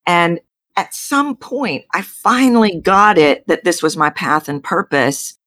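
A middle-aged woman with a Texan accent, a voice coach explaining her work in an interview with emphatic, animated delivery. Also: fairly low pitch, a little slow, no room sound, clean studio sound. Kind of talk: interview storytelling.

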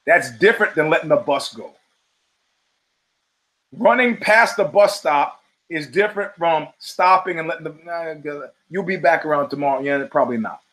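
A middle-aged man talks through a loose monologue on his own show, with a voice that sits a little high. He swears freely and slips into the voices of the people in his stories. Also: animated, moderate pace, fairly bright tone, poor audio. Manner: profane, storytelling, acts out quoted voices. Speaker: show host. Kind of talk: casual monologue.

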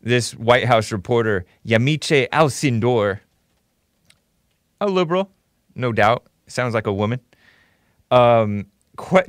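A man's voice: lowish voice, fairly bright tone, no room sound. Sarcastic male live-stream host, dry sound. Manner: casual, sarcastic, scoffing; thanks viewers and reads donations aloud. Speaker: host of a live call-in commentary show. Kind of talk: casual live-stream commentary.

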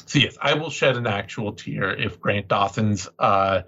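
A man's voice: fairly low pitch, measured pace, bright, forceful tone, slightly rough. A man co-hosting a podcast, chatting casually about fights and reading out betting odds. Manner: conversational, runs the betting odds. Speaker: podcast co-host. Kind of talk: casual sports chat. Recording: slightly dull lo-fi audio.

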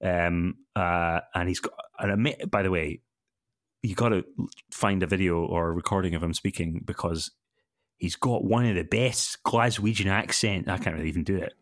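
A man's voice: sits low, normal speed, no echo, clean studio sound. A man co-hosting a casual podcast, talking with many ums and self-corrections. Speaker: podcast co-host.

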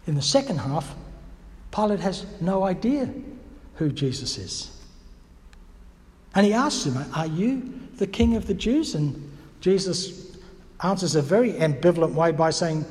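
A man with a high voice gives a thoughtful sermon, working through his points with questions to the congregation. His voice rings with the long reverb of a big hall. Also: darkish tone. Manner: reflective, teacherly, with restarts and rhetorical questions. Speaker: preacher.

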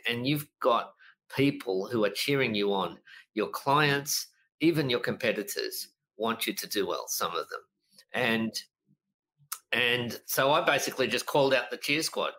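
A middle-aged business coach in a casual podcast interview, telling stories in an animated way and acting out quotes. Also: male voice, medium pitch, moderate pace, rough recording. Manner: animated storyteller, lively voices for quotes, frequent laughs.

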